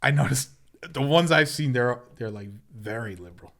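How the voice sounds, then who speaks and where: A man's voice: medium pitch, normal speed, a bit bright. Man telling a rambling podcast anecdote. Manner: rambling anecdotes with laughter and quoted voices. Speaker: podcast co-host. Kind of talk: casual podcast storytelling.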